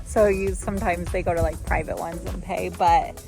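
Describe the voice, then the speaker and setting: A woman's voice: lowish voice, fairly even intonation, moderate pace, gravelly, over music. A young woman hosting a travel vlog, chatting in a bubbly way and leaning on casual filler words. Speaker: vlogger host.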